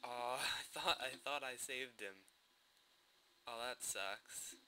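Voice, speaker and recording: A man casually commentating his own gameplay, excitable and jokey, with quick bursts of alarm. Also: mid-range voice, a little hiss or hum.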